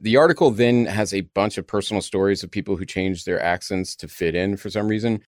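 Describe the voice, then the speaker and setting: A man's voice: fairly low pitch, fairly quick, no echo, studio quality. A man co-hosting a casual podcast, reading out article points and adding wry jokes; he is from Texas. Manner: wry, lively, mixes reading quotes with joking asides. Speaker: podcast co-host. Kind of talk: casual chat reading and discussing links.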